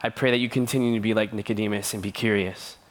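A man's voice: on the low side, steady tone, quick pace. A young man giving a sermon as a youth pastor, earnest and conversational, with playful asides.

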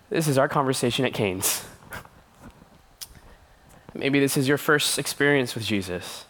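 A man's voice: medium pitch, animated, measured pace, pauses often, fairly bright tone. Earnest young man preaching a sermon. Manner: earnest, conversational preaching with playful asides. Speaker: youth pastor.

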